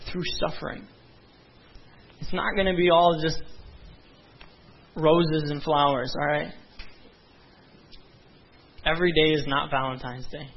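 A man's voice: fairly high pitch, husky. A young man preaching a sermon as a pastor, earnest and conversational, with frequent asides to the congregation. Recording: dull lo-fi sound.

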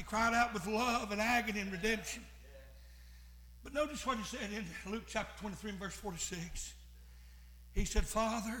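A man preaching a sermon, moving from hushed, slow phrases to shouted, fervent preaching. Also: high-pitched, echoey room.

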